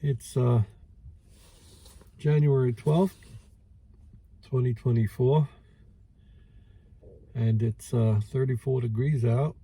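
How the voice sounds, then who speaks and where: Brooklyn-accented man, food vlogger, very warm dark tone, slightly husky, rambling easy delivery. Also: mid-range voice. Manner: rambling, relaxed, many filler pauses. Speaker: food reviewer. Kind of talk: casual outdoor food vlog. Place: outdoors by a lake.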